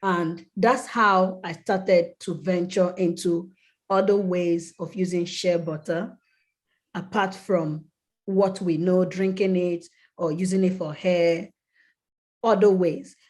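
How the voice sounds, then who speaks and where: Speaking slowly in a low, slightly mellow voice with fairly even intonation, a woman who founded a skincare brand shares an emotional, earnest story as a podcast guest. She fills it with vivid detail and raises her voice when acting out those she quotes.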